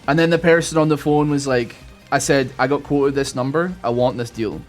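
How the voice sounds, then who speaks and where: A man rambling through an animated, swear-filled story while commentating on a video game he is playing. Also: medium pitch, a little fast, few pauses, faint music behind. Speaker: gaming YouTuber. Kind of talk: casual gameplay commentary.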